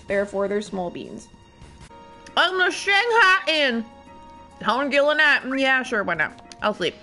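Brief: chatty woman game streamer, lively and bright. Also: fairly high pitch. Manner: chatty and giggly, reading game text aloud. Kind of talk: let's play commentary.

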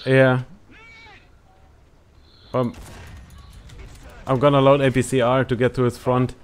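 A man hosting a gaming channel, chatting casually while playing with a friend, excitable and quick to shout and laugh. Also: medium pitch, clean tone. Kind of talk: casual gameplay commentary with a squadmate.

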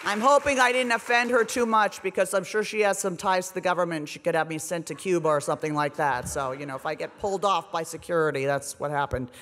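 A woman in her forties tells her own story on stage in a wry, self-deprecating way, keeping things animated and funny. Her voice carries a long reverb from a large hotel ballroom. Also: fairly low pitch, fast, hardly any pauses, some chatter behind. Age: 40s. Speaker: speaker. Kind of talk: comedic speech at a gala.

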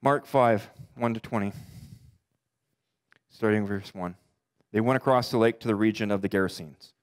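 A middle-aged pastor preaching a sermon earnestly, his voice climbing for emphasis and sinking low for the darker points. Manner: earnest preaching, rising and dropping in pitch for emphasis; quotes scripture in slow deliberate voice.

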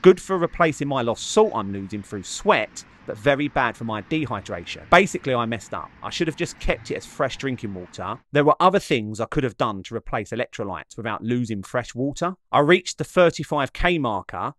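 A man narrating his run afterwards in a measured, slightly dramatic voice-over. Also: mid-range voice, very animated, fairly bright tone.

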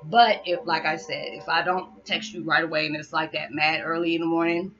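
A woman's voice: low-pitched, fairly even intonation, fairly quick, fairly bright tone, faint music behind. A woman talking casually to her viewers in a rambling vlog monologue, full of "you know" and "it's just like.". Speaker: spiritual vlogger. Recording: dull lo-fi sound.

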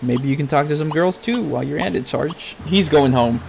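A man's voice: on the high side, normal speed, gravelly, hardly any pauses, a little mellow, a little hiss or hum. A man giving crude, profane Let's Play commentary, ranting at and scolding his game character. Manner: swears constantly, talks to his game character. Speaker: gaming YouTuber.

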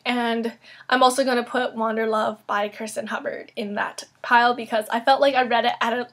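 A young woman book vlogger answering viewer questions in a chatty, quick way, full of "like" and "um". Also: fairly high pitch, level tone, fairly bright tone. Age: young adult. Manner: chatty, quick, with frequent "like" and "um" fillers. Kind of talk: casual Q&A vlog. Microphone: camera mic.

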